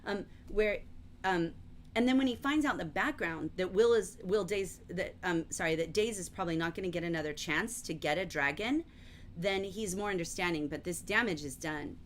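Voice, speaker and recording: A middle-aged woman teaching a livestreamed literature lesson, chatty and explanatory, often filling pauses with "um" and "like". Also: fairly low pitch, a little hiss or hum. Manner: chatty, explanatory, frequent fillers like "um" and "like". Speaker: teacher leading a novel study.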